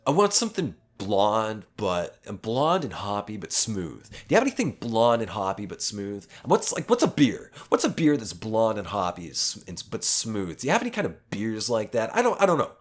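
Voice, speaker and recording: A man's voice: fairly low pitch, huge pitch swings, moderate pace, hardly any pauses. A man putting on the voice of an obnoxious, insecure man at a bar who whines and repeats his demands. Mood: whiny demanding. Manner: whiny, pushy, repeats demands.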